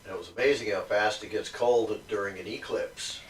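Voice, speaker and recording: A man's voice: lowish voice, fairly even intonation, fairly quick. A man co-hosting a casual chat, chiming in with explanations and corrections. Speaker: co-host. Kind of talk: casual conversation.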